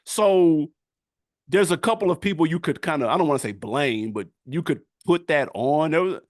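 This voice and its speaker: A middle-aged man riffing on a podcast with a fairly high, lively voice. He talks loose and animated, drops slang, and laughs between points. The sound is dry and close to the mic with no room around it. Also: normal speed, no room sound. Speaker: podcast co-host. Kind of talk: casual chat.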